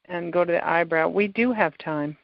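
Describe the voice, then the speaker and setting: Calm woman coaching a tapping session. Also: lowish voice, moderate pace, creaky, no echo. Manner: calm, coaching, gives step-by-step prompts. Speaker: tapping practitioner and podcast host. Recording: dull, lo-fi sound.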